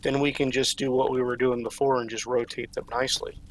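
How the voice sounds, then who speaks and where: A man's voice: mid-range voice, little pitch movement, a little fast, low-quality recording. A man chatting as a co-player in a game stream, explaining a plan step by step. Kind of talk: casual chat.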